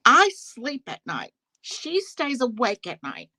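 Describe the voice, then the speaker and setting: A woman's voice: on the high side, wildly swooping pitch, slow, pushed and bright, no echo, poor audio. A woman on a live talk panel, telling a story in a casual, indignant rant and laughing often as she talks to the host.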